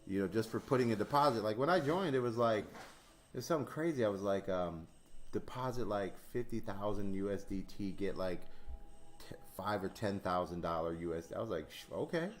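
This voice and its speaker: Low-voiced man telling animated stories. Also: brisk, a little hiss or hum. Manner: animated storyteller, acts out dialogue, swears, laughs often. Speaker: crypto stream host. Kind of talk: casual chat.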